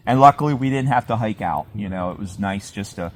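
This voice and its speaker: A podcast host tells a meandering campfire story full of fillers and chuckles, outdoors by a fire at a winter campsite. His voice sits on the low side, with lively intonation and a brisk pace. A faint hiss or hum runs underneath.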